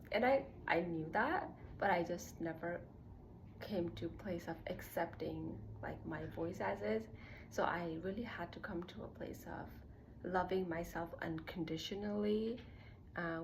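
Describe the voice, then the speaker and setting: A woman's voice: lowish voice, gravelly, a little hiss or hum, rough recording. A young woman vlogging a casual personal monologue, rambling with lots of "like" fillers and laughing at herself. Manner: rambling, heavy use of "like" fillers.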